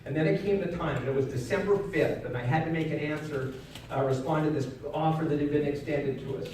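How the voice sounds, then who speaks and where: A man's voice: a little high, fairly quick, a little hiss or hum. Earnest man giving an echoing keynote. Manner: earnest and personal, swings from loud to hushed. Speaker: keynote speaker. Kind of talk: motivational keynote storytelling. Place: large event hall. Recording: echoey hall, mic at a distance.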